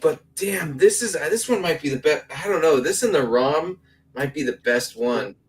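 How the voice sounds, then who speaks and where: A man's voice: on the high side, animated, moderate pace, low-quality recording. A man co-hosting a casual action-figure podcast, blunt and laid-back, swearing freely. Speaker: podcast co-host.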